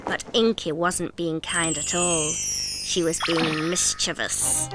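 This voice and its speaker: A woman narrating a children's cartoon story in a gentle, clear storytelling voice. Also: sits low, little pitch movement, slow pace. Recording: music playing under the voice.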